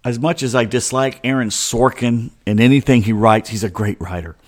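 A man's voice: medium pitch, steady tone, normal speed. A middle-aged man hosting a show, chatting in a loose, opinionated monologue full of digressions and chuckling asides. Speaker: host. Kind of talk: casual rambling monologue.

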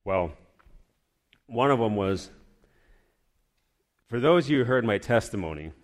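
A man's voice: fairly low pitch, animated, unhurried. A man giving a personal testimony to his church, telling a story in a rambling, heartfelt way.

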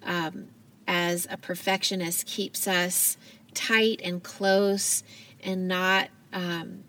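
Earnest, gentle woman host in her thirties, reflective solo episode, voice a touch off-mic. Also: lowish voice, level tone, extremely slow, distant mic. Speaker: podcast host. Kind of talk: reflective solo podcast talk.

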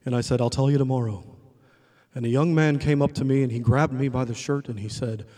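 A man preaching a conversational sermon, retelling a story with lively quoted voices and closing in a soft prayer. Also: medium pitch, fast talker. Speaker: pastor.

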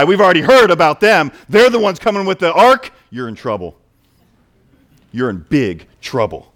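Male preacher, animated sermon delivery, slightly high voice. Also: moderate pace. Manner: animated, swings between quiet asides and loud emphasis.

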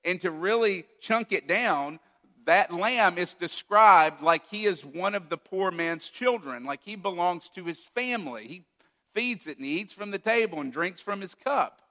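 Retelling a story from the pulpit, a male pastor voices its quoted lines with emotion. He speaks unhurriedly in a high, sharp, expressive voice, and the recording carries a long hall reverb.

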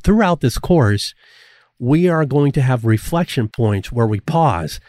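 A middle-aged man delivers a scripted course lecture in a warm, mellow voice. He speaks earnestly and deliberately and lifts his pitch to stress key points. The recording is dry and close, with no room sound. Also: expressive, no echo. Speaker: course instructor.

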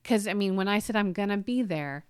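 A woman's voice: expressive, a little fast, clear, resonant tone, no room sound, clean studio sound. Woman telling an emotional family story. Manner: emotional storyteller, voice rising high when quoting. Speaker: podcast co-host. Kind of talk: casual chat, storytelling.

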